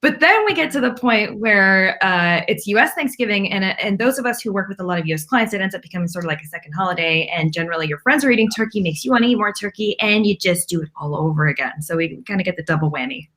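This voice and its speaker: A Canadian woman co-hosts a live web chat with playful, giggly banter. She talks very quickly in a bright, forward tone. Her voice sits at an ordinary pitch for a woman. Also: lively intonation. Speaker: co-host. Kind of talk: casual live-stream chat.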